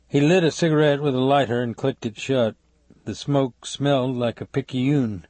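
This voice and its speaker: A man narrating an audiobook in a steady, measured way on a close mic. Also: medium pitch, no echo. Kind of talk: scripted narration.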